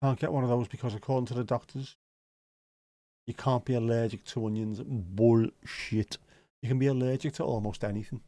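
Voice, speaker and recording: A man with a Scouse accent chatting loosely on his livestream, drifting from one joke to the next and tossing in the odd swear word as he answers his viewers. His voice sits at an ordinary middle pitch. The sound is close and dry, with no room echo. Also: steady tone, moderate pace, mellow. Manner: rambling and jokey, swears casually. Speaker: livestream host. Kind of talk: casual livestream chat, answering viewer comments.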